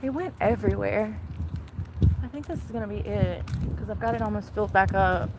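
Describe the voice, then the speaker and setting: A woman's voice: mid-range voice, a little fast, very noisy. A woman chatting casually to her viewers while picking up trash outside, blunt and self-mocking, swearing freely. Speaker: vlogger. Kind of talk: casual outdoor vlog chatter. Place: outdoors picking up roadside trash.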